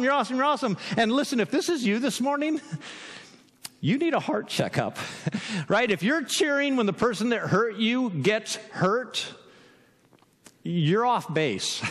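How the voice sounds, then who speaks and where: Animated preacher in an echoing hall. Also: male voice, high voice. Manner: conversational, animated, asks "right?" often, with laughs. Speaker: pastor. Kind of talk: sermon.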